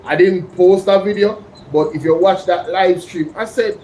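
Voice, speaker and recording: A man's voice: sits high, normal speed, mellow, poor audio. Chatty Jamaican man streaming. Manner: chatty, addresses viewers by name. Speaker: YouTube reaction host. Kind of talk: casual live-stream commentary.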